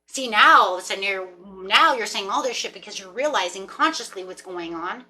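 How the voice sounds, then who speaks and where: A woman reads tarot for a general audience and chats her way through the cards. She talks in a loose, rambling manner with animated asides. Her voice is bright and forward. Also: mid-range voice, fairly quick. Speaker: tarot reader. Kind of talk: casual spiritual talk to camera.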